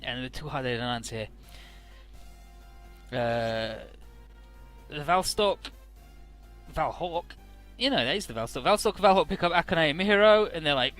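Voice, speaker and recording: A man's voice: medium pitch, lively intonation, moderate pace, long pauses, fairly bright tone, soft background music. A man giving casual, profane commentary on a game, paraphrasing the characters in goofy voices. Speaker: let's play commentator.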